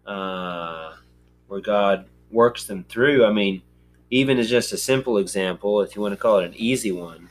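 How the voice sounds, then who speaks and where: This podcast host speaks in a lowish voice, with a bit of background noise behind him. His Bible talk is relaxed and exploratory, peppered with frequent ums and uhs as he reasons through the scripture.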